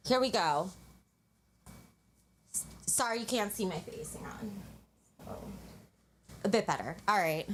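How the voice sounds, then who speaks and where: A woman's voice: medium pitch, a little hiss or hum. A woman hosting a casual home livestream, chatting with viewers and her cats, sometimes out of breath. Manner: chatty, reads donations aloud, talks to her cats. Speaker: livestream host.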